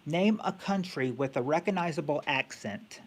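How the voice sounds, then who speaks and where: Halting man hosting a stream game. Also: on the high side, animated. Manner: halting, thinks aloud with many fillers and restarts. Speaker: game show host on a live stream.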